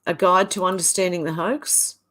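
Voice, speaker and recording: Reading chat comments aloud in sequence, an Australian woman running a livestream drops short throwaway remarks between them. Her pitch is fairly low and a bit bright, her tone steady, her pace moderate.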